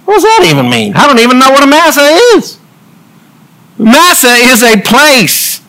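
A male preacher whose sermon runs on jokes and quick asides, laughing at his own lines. His voice sits high and bright, and his pitch leaps up and down as he tells it. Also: creaky, rough recording. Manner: animated, jokey asides and laughs. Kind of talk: humorous sermon.

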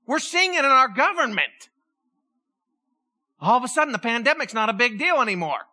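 Animated bright-voiced woman preaching. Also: on the high side, fairly quick. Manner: animated, joking, acts out voices. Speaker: pastor. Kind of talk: sermon. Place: church.

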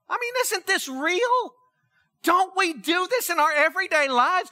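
High-voiced, bright, lively male pastor. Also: measured pace. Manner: animated, conversational preaching with acted-out dialogue. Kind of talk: sermon.

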